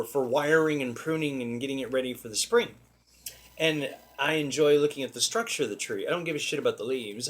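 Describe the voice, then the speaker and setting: A man's voice: medium pitch, fairly bright tone. A man hosting a casual comedy show, telling stories in a rambling way with restarts and frequent laughter. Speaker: comedy podcast host.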